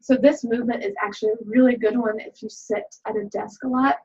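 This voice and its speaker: A woman's voice: fairly high pitch, fairly even intonation, fairly quick, darkish tone, husky. A middle-aged woman leading a laughter yoga class, chatty and upbeat, often laughing as she explains. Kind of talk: guided laughter exercise video. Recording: dull lo-fi sound.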